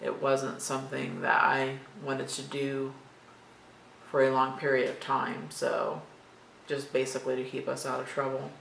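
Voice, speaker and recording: Chatty woman with a gravelly voice. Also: rumbling low, monotone, a little slow, a bit bright. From Florida, USA. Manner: chatty, rambling, matter-of-fact. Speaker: vlogger answering tag questions. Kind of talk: casual chat reading questions aloud. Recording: echoey room with faint background noise.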